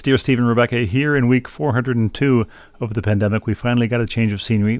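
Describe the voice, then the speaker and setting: A man's voice: on the low side, darkish tone, dry recording. A middle-aged man co-hosting a sports podcast, wryly reading listener mail with a meandering, filler-heavy delivery. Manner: wry, meandering, with many fillers. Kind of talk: casual sports chat.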